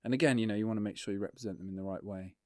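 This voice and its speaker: A man, a documentary filmmaker, talking in a relaxed, rambling way on a casual podcast, full of fillers and swearing. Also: on the low side, racing, no room sound, clean studio sound. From England.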